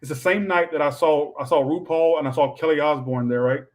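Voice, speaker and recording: A man's voice: a little high, brisk, poor audio. A man giving a casual livestream tarot reading. He rambles and swears offhand, says he is tired, and keeps adding "all right". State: tired, low on energy. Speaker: tarot reader.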